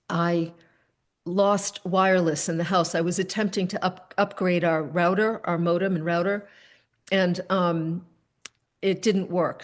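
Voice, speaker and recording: An older woman hosting a video call gathering, telling a personal story in a gentle, unhurried way and acting out both sides of the dialogue. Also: fairly low pitch. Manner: gentle, unhurried, acts out the dialogue in her stories. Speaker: host.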